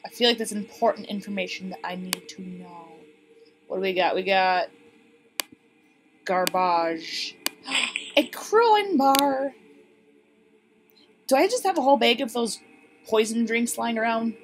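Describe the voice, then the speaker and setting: A woman giving casual, excitable commentary on a game she is playing, chatting to her viewers. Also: a little high, a little slow, long pauses. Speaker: let's play gamer. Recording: steady background noise.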